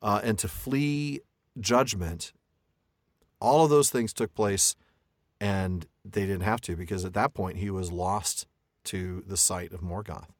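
A man's voice: deep voice, takes it slowly, dry recording, clean studio sound. A man co-hosting a podcast in a casual book discussion, thinking aloud and reading quotes with frequent restarts. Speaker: podcast co-host.

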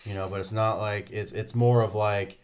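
A man's voice: lowish voice, fairly even intonation, normal speed. A man in casual chat about a video game, rambling and swearing freely, acting out quotes as he goes.

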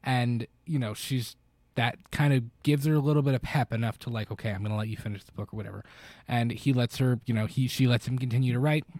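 A man's voice: medium pitch, steady tone, fairly quick, a little mellow, dry recording. A man co-hosting a podcast, retelling a film in a casual, rambling way with lots of fillers and restarts. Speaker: podcast co-host. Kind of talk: casual chat recapping a film.

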